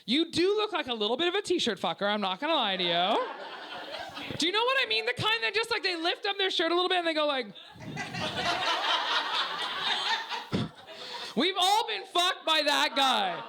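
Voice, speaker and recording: A woman's voice: very high voice, sing-song, unhurried, gravelly, long pauses, noisy background. A young woman doing a crude, brash stand-up set at a small comedy venue, often laughing at her own jokes.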